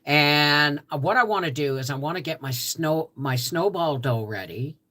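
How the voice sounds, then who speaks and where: A woman's voice: low voice, animated, unhurried, pushed and bright. A Canadian woman hosting a casual homestead livestream, greeting viewers by name in a chatty way, just out of bed. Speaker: livestream host.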